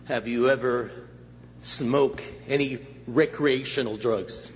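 A male preacher voicing a male doctor who asks plain health-history questions in a lower, quieter voice. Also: fairly even intonation, takes it slowly, lightly acted. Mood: questioning. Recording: echoey hall, dull muffled sound, faint hiss.

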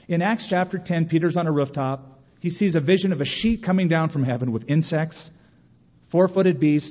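A man preaching a sermon as pastor, animated and sometimes mimicking whiny voices for emphasis. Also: a little high. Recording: dull sound with long reverb of a hall.

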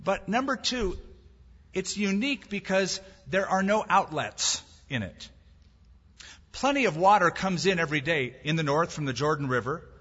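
Male preacher, emphatic sermon delivery, bright and slightly husky, recorded in a reverberant hall on dull lo-fi audio. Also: high-pitched, lively intonation, normal speed. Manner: emphatic, with rhetorical questions and biblical quotes.

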